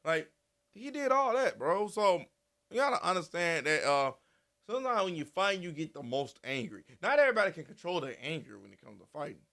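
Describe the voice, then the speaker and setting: A man giving casual, animated commentary, repeating himself and swearing freely. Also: fairly high pitch, a little fast. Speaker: commentary channel host.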